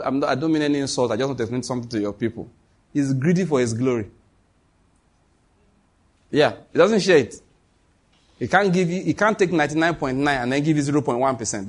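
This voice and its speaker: Husky guy preaching, acts out god talking to moses, story style. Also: medium pitch. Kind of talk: sermon.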